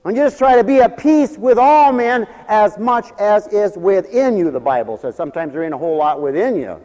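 Older male preacher, high-pitched and very animated, in a hall with a long echo. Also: fairly quick. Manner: folksy, humorous storytelling with acted quotes. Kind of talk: sermon.

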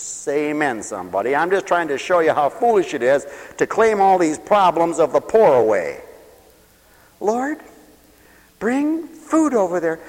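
A man's voice: on the high side, in a large hall, poor audio. A man preaching a sermon in a folksy, sarcastic way, mocking others by imitating their voices.

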